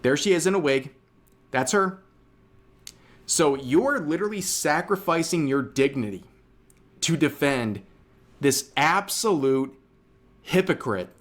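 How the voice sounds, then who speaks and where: A man's voice: on the high side, lively intonation, unhurried, pauses often. A man narrating a commentary video in a mocking, sarcastic way.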